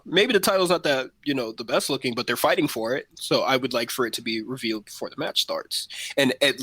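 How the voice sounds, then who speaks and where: A man's voice: medium pitch, sharp tone, dry recording. A man co-hosting a casual wrestling podcast, rambling with many fillers and restarts. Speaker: podcast co-host.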